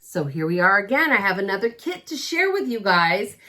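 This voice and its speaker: Middle-aged woman, chatty and upbeat sales pitch, lively swooping pitch, for a direct-to-camera vlog. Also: fairly quick, over loud music. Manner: chatty, upbeat, keeps asking "okay?". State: out of breath.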